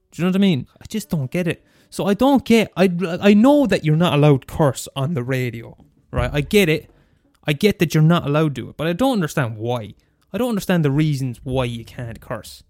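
With a fairly high pitch, this Irish man in his twenties rants casually on student radio, swearing throughout an animated monologue. The audio is studio quality with no room sound.

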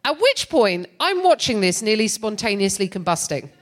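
Telling a story onstage, a middle-aged Englishwoman who works as a comedian and co-host uses a medium-pitched voice and moderate pace. Her wry, animated style keeps dissolving into laughter.

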